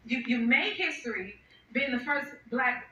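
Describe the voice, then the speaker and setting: Excitable woman host, high voice, echoey studio recording from a distance, some noise and dull sound. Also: measured pace. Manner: excitable, laughing, exclaims often. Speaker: talk show host. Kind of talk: talk show interview. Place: TV studio with audience.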